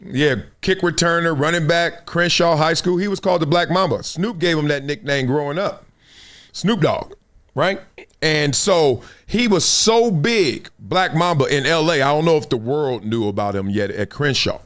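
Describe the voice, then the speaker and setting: A man's voice: a little high, normal speed, fairly bright tone. A middle-aged man with a Los Angeles accent, hosting his show and telling a long story in casual chat, acting out the scenes with slang. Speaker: host.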